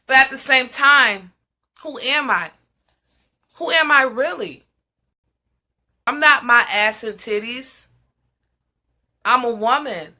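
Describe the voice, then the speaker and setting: Emphatic woman with a bright, ringing voice. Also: a little high, takes it slowly, long pauses. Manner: emphatic, repeats questions. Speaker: host of a live discussion. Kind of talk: casual live-stream talk.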